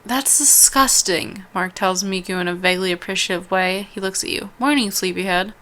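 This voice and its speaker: Bright-voiced woman reading a story game aloud. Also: mid-range voice. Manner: reads aloud with stumbles, restarts and quick asides. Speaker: let's-play host.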